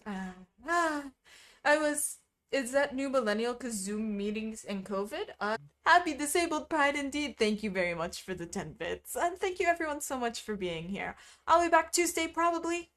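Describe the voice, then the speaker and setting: Chatty young woman streamer reading chat. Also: moderate pace. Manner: chatty, reads chat aloud, laughs often, lively pitch swings. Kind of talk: casual chat with live chat.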